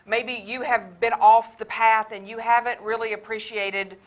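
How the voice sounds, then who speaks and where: A woman's voice: on the high side, level tone, measured pace, rough recording. A woman co-hosting a Christian marriage show, chatting casually and affirming her partner with everyday anecdotes. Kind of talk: casual chat.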